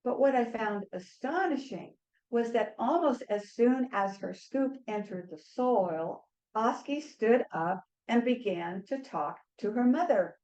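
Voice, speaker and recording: A woman author giving an academic book talk in a measured, earnest way, with small restarts now and then. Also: fairly high pitch, lively intonation, a little mellow, lo-fi sound. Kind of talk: academic lecture.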